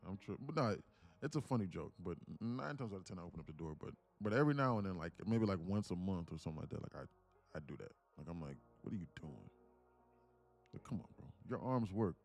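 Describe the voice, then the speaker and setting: Low mellow-voiced man chatting on a stream. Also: big pitch swings, quick pace, faint music behind. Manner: rambling, laughs through stories, many fillers. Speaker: livestream host, day trader. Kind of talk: casual live-stream chat.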